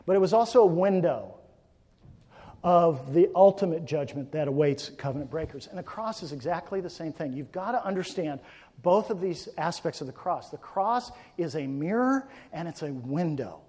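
A male pastor preaching a sermon, swinging between forceful emphatic peaks and quiet hushed passages. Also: on the high side, animated, normal speed. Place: church sanctuary. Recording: long church reverb.

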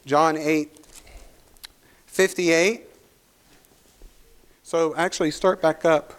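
Guy pastor preaching, fairly high voice, reads bible verses then hammers the point home. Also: fairly even intonation, extremely slow, clean tone. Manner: reads scripture aloud, preaching with emphatic rises. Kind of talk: sermon.

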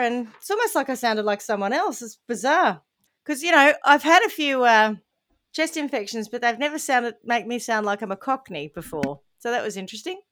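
A woman co-hosting a podcast, chatty and animated as she sets up a story. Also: sits high. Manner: chatty, animated, laughs easily. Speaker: podcast co-host.

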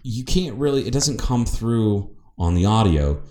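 Podcast co-host, male, low, profane and loose, roomy echo. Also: animated, unhurried, warm tone. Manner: profane, laughing, mimics voices in anecdotes. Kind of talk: casual chat. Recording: echoey room with faint noise.

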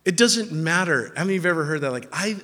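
A man's voice: fairly high pitch, expressive, racing, sharp tone. A man preaching a sermon to a congregation, emphatic and repeating phrases for stress, with casual asides to the listeners. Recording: reverberant hall.

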